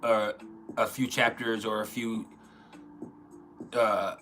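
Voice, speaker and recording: A man's voice: on the low side, flat delivery, takes it slowly, fairly bright tone, faint music behind. A man hosting a casual livestream, rambling, often restarting his sentences and reading out chat comments. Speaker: livestream host.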